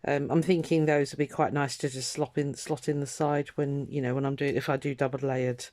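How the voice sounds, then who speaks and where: A woman's voice: extremely low pitch, level tone, fairly quick, darkish tone. A woman vlogging her crafting in casual, rambling chat, trailing off and restarting her thoughts with lots of ums. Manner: rambling, chatty, self-interrupting with ums.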